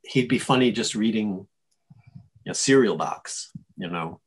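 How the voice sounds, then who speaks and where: A male actor telling stories in a casual interview, animated and chuckling, often restarting his sentences. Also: on the low side, unhurried. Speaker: actor guest.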